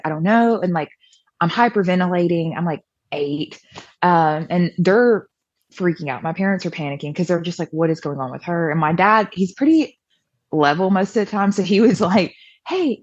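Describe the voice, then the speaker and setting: Young woman, podcast guest, casual storytelling, lots of fillers, low voice, dry dull audio. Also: a little fast, no echo. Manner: chatty, many fillers, acts out quoted voices.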